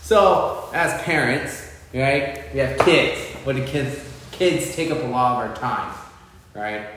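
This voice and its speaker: A man, co-hosting a casual chat and telling a story with lively voices for the people in it. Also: medium pitch, slow, recorded from a distance, a little hiss or hum. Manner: animated storytelling, mimics voices. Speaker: podcast co-host. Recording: echoey room.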